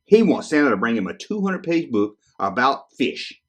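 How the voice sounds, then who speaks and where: Husky-voiced guy reading kids' letters to santa, lively ups and downs, cracking jokes. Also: medium pitch, normal speed. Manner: joking, animated, teasing asides. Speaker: podcast host. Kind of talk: casual chat, reading kids' letters aloud.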